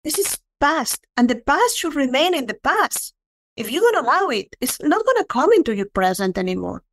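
A woman speaking earnestly and reflectively about letting go and forgiveness, slowing down to stress key points. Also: sits high, sing-song, fairly bright tone, no echo. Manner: earnest, reflective, slows for emphasis. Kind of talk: spiritual talk on forgiveness.

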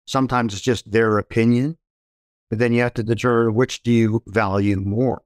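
A man speaking in a reflective, advising way during a relaxed talk, his voice at an ordinary middle pitch. The sound is dry and close to the mic. He lays out his points calmly, one after another. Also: normal speed, dry recording. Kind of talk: casual conversation.

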